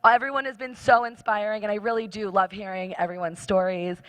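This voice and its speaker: A woman's voice: medium pitch, steady tone, a little fast, fairly bright tone, no room sound. A woman co-host, losing her voice, introducing the next panel with bubbly enthusiasm. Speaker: event co-host. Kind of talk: stage introduction.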